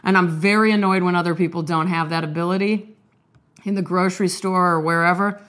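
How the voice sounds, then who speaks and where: Low-voiced woman chatting while sick. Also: fairly even intonation, fairly quick, fairly bright tone. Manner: rambling, self-deprecating, candid. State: sick, coughing. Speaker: artist vlogger. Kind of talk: casual confessional chat and poetry reading.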